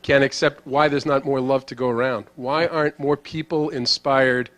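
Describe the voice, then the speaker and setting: A man moderating a talk, asking probing questions in quick succession. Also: mid-range voice, steady tone, fairly bright tone. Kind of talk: interview questions.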